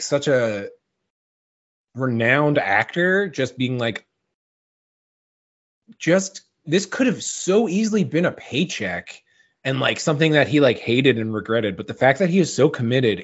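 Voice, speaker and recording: Husky, animated man chatting casually. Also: medium pitch, unhurried. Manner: animated, swears freely, many "like" fillers. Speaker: podcast co-host. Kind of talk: casual chat about a film. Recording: dull lo-fi sound.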